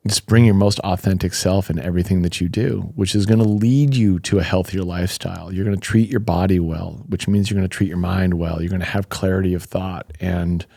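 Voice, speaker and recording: Upbeat low-voiced man in his fifties. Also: brisk, creaky, few pauses, no echo, clean studio sound. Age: 50s. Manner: upbeat, animated storytelling with fillers. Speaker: podcast guest, supplement company founder. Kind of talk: casual interview chat.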